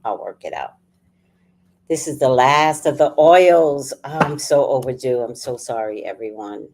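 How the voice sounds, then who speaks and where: A woman's voice: rumbling low, lively intonation, measured pace, noisy background. A woman hosting a casual livestream, chatting with viewers, laughing often and greeting people by name. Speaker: livestream host.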